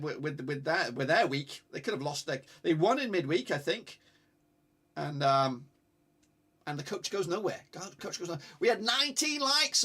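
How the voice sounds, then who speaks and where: During his live football watch-along stream, a man whose voice sits high gets excited, swears, and repeatedly tells viewers to like and subscribe.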